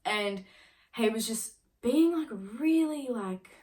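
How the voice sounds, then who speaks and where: A young woman in her late teens telling a story on her own vlog, casual and chatty, filling every pause with "like" and swearing now and then. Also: fairly high pitch, lively intonation, darkish tone. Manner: chatty, filler-heavy with constant "like"; swears casually while retelling. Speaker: vlogger.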